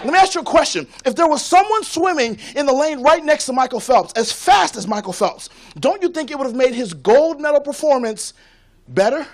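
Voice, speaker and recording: A man with a strikingly high voice delivers a motivational keynote from a conference stage. His delivery is rhythmic and preacher-like, and he builds each point toward a line the audience has to call back to him. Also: lively intonation, fairly quick. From Tampa, Florida. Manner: rousing call-and-response, rhythmic preacher-like cadence.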